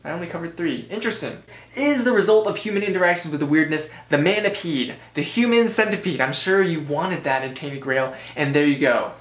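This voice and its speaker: A man's voice: fairly high pitch, lively intonation, fairly quick, hardly any pauses, fairly bright tone. An American man giving a casual review commentary, rambling with joking asides and frequent self-corrections. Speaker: board game reviewer. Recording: roomy echo.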